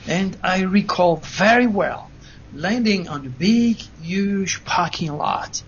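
High-voiced man telling a story, lo-fi. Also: slow pace, slight background noise. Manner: earnest, animated storytelling with restarts. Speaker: interview guest. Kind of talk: first-person account told to an interviewer. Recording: dull lo-fi recording.

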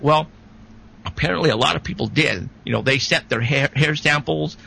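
A man guest telling a story in a rambling, animated way, with many restarts. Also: on the high side, normal speed, vocal fry, slightly rough, rough recording. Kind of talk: casual storytelling.

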